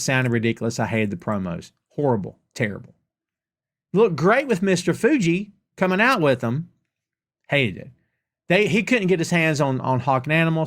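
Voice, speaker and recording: A man's voice: mid-range voice, fairly bright tone. A man with a Southern US accent hosting a live question-and-answer podcast. He rants emphatically and casually, repeating lines for effect. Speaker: podcast host.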